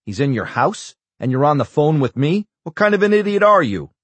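A man's voice: fairly low pitch, lively intonation, moderate pace, slightly rough, no room sound. A man reading an audiobook, voicing a furious, imperious older male senator who barks scornful demands. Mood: outraged.

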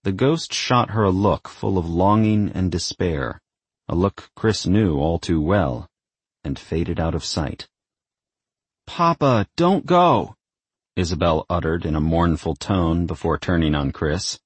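A man narrating a novel with wry, expressive storytelling. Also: low voice, a little slow, husky, no room sound. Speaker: audiobook narrator. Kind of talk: scripted narration.

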